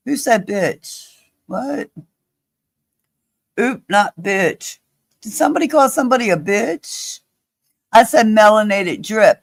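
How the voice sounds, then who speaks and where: A woman live-streaming in a heated, profane rant, upset and pleading with someone in her chat, sniffly from crying. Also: medium pitch. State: sniffly, blowing nose.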